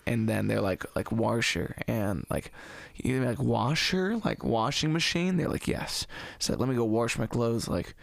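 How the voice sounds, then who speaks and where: A man from the Cincinnati area in casual podcast conversation, animated and opinionated, cracking jokes and swearing a little. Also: medium pitch, creaky, dry recording. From Cincinnati area, USA. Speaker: podcast guest musician.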